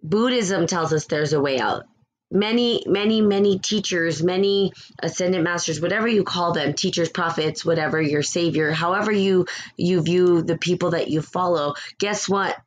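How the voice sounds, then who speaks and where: A woman's voice: fairly low pitch, moderate pace, slight background noise. A woman hosting a spiritual talk show, speaking in a blunt, candid, casual way, swearing freely and laughing now and then. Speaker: spiritual podcast host.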